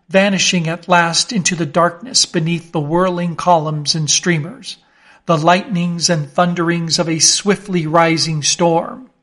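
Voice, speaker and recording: A male narrator reads a classic tale in a measured, dramatic way. His voice sits high for a man, and he takes his time with every phrase. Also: a bit bright. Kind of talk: scripted narration of a classic story.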